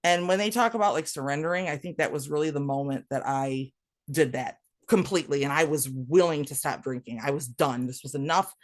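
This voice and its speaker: A woman's voice: low-pitched, a little fast, no room sound. A woman speaking as a podcast guest, telling her recovery story in a raw, blunt way, swearing freely and talking straight to the listeners. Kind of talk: candid storytelling monologue.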